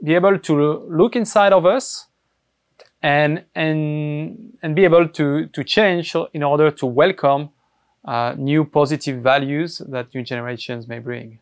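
A man speaking as a podcast guest, answering reflectively with many pauses and hesitations. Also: on the high side.

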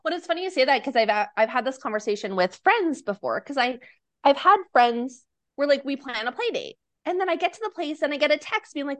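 High-voiced, animated woman podcast guest. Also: fairly quick, no echo. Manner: animated, acts out quoted dialogue. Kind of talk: casual podcast conversation.

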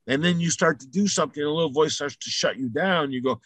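A man giving a motivational talk, blunt and emphatic, repeating his points and building to loud peaks. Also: medium pitch, expressive, quick pace, hardly any pauses, no room sound. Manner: salty, blunt language. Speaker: motivational speaker.

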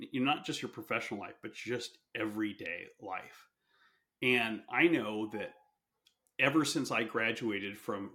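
A male podcast host with a low but bright, forceful voice. He speaks earnestly in an easy conversation, often restarting his phrases as he goes.

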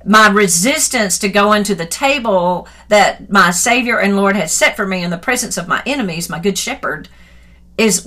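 A middle-aged woman and Christian author giving an earnest personal devotional talk into her phone, reflective and at times animated. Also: medium pitch. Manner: earnest and reflective, grows animated and laughing when retelling a story.

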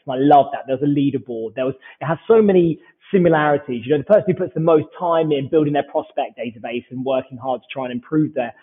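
A British man in his forties tells stories with animated energy, acting out each exchange of dialogue. His voice is a touch high and slightly husky, and it comes through a tinny, phone-like line. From United Kingdom. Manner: animated anecdotal storyteller who acts out dialogue. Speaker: startup founder, podcast guest. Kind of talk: casual storytelling interview.

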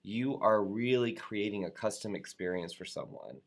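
A man's voice: lowish voice, moderate pace. A man hosting a live show, reading viewer comments in an upbeat, playful way and sometimes tripping over words. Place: Atlanta area.

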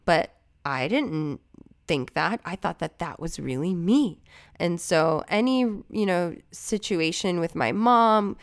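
A woman's voice: on the low side, lively intonation, slow. A woman hosting her own podcast in a casual, chatty, rambling way, swearing freely and wandering into asides. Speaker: podcast host. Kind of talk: casual solo podcast chat.

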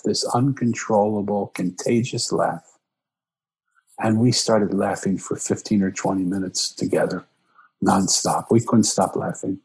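Middle-aged man, earnest emotional storytelling, gravelly fry, rises in pitch when quoting himself. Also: normal speed, a little mellow, low-quality recording. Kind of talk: heartfelt personal storytelling.

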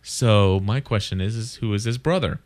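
A man's voice: on the low side, normal speed, darkish tone. A man hosting a podcast, chatting casually and rambling with many restarts and fillers. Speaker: podcast host. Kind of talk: casual chat.

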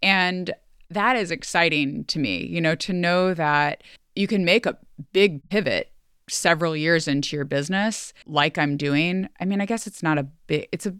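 A woman's voice: on the low side, moderate pace, a bit bright, clean tone, dry recording. A woman hosting a solo podcast, speaking earnestly and emotionally, close to tears, in a chatty way full of fillers. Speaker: podcast host. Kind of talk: heartfelt solo podcast farewell.

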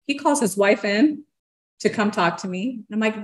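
A woman's voice: medium pitch, normal speed. A woman earnestly telling her own story, given to a nervous laugh. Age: adult parent of young children. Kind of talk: personal storytelling.

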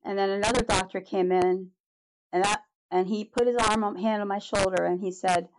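A woman's voice: medium pitch, fairly even intonation, normal speed, poor audio. A middle-aged woman, a podcast guest, telling her personal story in a candid, earnest way and restarting her sentences often.

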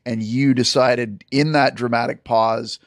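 A man's voice: mid-range voice, steady tone, measured pace, dry recording, clean studio sound. A man hosting a podcast in casual chat, chatty, often restarting his sentences, with a light swear now and then. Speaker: podcast host.

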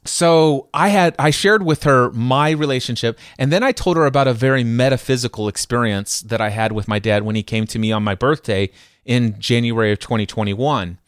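A male podcast host tells a personal story in a lively, conversational way, slipping into quoted voices as he goes. His voice sits in an ordinary mid range. The sound is dry and close. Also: mid-range voice, normal speed, clean tone, dry recording. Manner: animated, acts out quoted voices.

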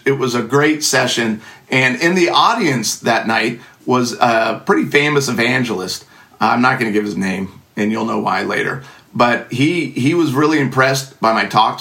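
A man's voice: mid-range voice, pushed and bright. A middle-aged man telling a funny personal story in a casual, sarcastic, self-mocking way.

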